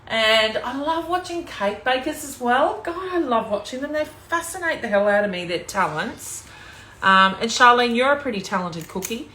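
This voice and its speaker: A woman's voice: on the high side, lively intonation, moderate pace, bright, forceful tone, roomy sound, a little hiss or hum. Chatty Australian woman cooking live. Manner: chatty, talks to viewers while working. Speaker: cooking demonstrator and team leader. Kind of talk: live cooking stream chat. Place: home kitchen.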